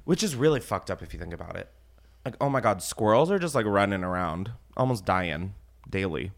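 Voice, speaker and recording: A young man hosting a podcast in casual chat, rambling, excitable and swearing often. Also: lowish voice, fairly quick, gravelly. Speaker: podcast host.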